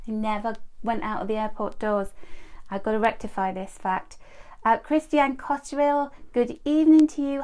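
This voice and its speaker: A woman, reading oracle cards on a live stream and chatting as she greets viewers by name. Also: on the high side. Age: 50s. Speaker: card reader.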